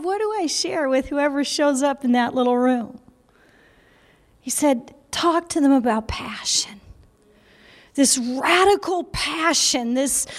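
High-voiced woman preaching with hall reverb. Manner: emotional, laughing, conversational preaching. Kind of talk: sermon. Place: small room.

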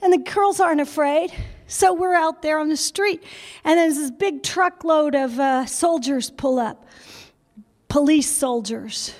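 A woman preacher telling a story in a sermon, lively and laughing often, acting out the voices of people she quotes. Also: sits high, a little slow. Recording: long hall reverb.

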